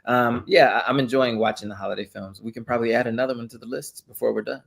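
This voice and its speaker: A man's voice: mid-range voice, fairly even intonation, fast, vocal fry. A man co-hosting a film podcast, speaking hesitantly and unhurriedly, with many fillers. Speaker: podcast co-host. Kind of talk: casual chat.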